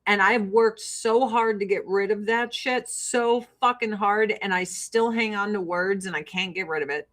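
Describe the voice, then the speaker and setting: A woman's voice: medium pitch, moderate pace, a bit bright. A woman from Joliet, Illinois with a Chicago-area Midwestern accent, chatting casually as she answers viewer questions, blunt and profane and laughing often. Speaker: streamer answering viewer chat. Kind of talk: casual chat.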